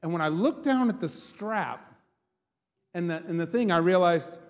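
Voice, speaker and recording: A man preaching as pastor, animated, often checking in with the congregation with a quick "right?". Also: a little high, in a large hall. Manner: animated, keeps asking "right?". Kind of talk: sermon.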